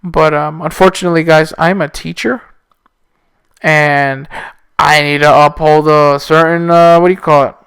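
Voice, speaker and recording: A man's voice: on the high side, flat delivery, moderate pace, a bit bright, clear, resonant tone, no room sound. A young man hosting a casual solo podcast, rambling and self-mocking with loose, profane asides. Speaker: podcast host.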